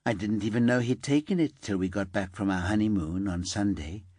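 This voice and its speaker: A man voicing an anxious, eager-to-please young office worker with a high, light, slightly camp voice in an audiobook. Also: a little fast, darkish tone, no room sound, close to an everyday voice. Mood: distraught.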